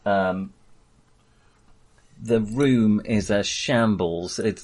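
A middle-aged man narrating a tabletop game as game master, halting with many ums. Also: lowish voice, a little mellow.

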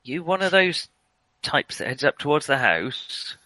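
A man's voice: a little high, sing-song, a little slow, bright, forceful tone, no echo, pitched above the performer's own voice, exaggerated voice. A man voicing a polite small-town railway station master in a put-on generic rural accent, chatty and obliging.

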